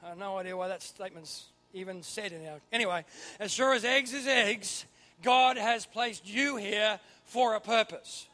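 A man preaching a sermon, swinging from quiet asides to loud emphatic bursts. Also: sits high, moderate pace. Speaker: pastor.

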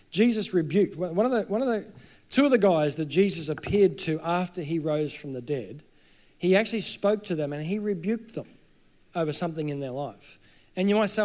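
A man preaching a sermon, earnest, climbing to emphatic peaks and sinking to soft, low passages.

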